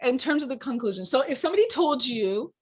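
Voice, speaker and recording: A woman law professor giving a lecture, animated and exasperated, teasing her students. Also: high voice, fast, husky.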